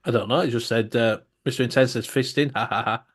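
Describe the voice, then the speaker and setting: A man's voice: medium pitch, steady tone, fast, slightly rough. A man chatting casually on a livestream, telling stories animatedly, acting out quotes and swearing. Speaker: co-host or guest on a live chat show. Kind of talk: casual chat.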